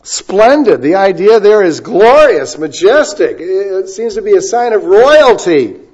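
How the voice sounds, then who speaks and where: A male preacher giving a sermon, moving between loud emphasis and quiet asides and stretching key words out slowly. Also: high-pitched, sing-song, slightly rough. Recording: dull lo-fi recording.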